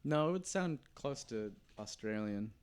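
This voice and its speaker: A man's voice: medium pitch, lively intonation, unhurried, a little mellow, smooth. A man in casual podcast chat, rambling and hesitant, restarting his sentences often.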